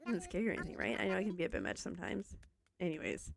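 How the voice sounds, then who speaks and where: With a medium-pitched, creaky voice that swings widely in pitch, this young Canadian streamer races through casual chat with viewers as she games. She's bubbly and teases herself, and the recording has no room sound.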